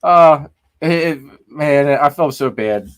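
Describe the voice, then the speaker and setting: A man's voice: a little high, slow pace, clean tone. A man hosting a casual live-stream chat, joking and laughing as he talks. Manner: animated, joking, lots of laughter. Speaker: podcast host.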